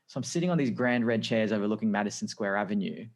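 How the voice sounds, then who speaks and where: A man's voice: fairly low pitch, fast. A man with an Australian accent telling his career story as a guest, chatty and acting out the lines of people he quotes. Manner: chatty, acts out quoted dialogue. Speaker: guest, design director. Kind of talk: casual storytelling.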